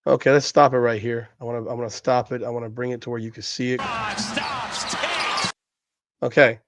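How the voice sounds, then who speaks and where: A man's voice: medium pitch, little pitch movement, a little fast, lo-fi sound, very noisy. A man hosting a podcast, giving heated, profane sports commentary over game footage and repeating himself in disbelief. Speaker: podcast host.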